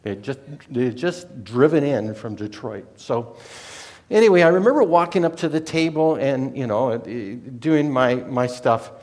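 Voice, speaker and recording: A man's voice: mid-range voice, normal speed, a little mellow. A man telling a personal story in a rambling, digressive way that is full of self-corrections. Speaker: speaker recounting a personal story. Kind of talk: casual spoken storytelling.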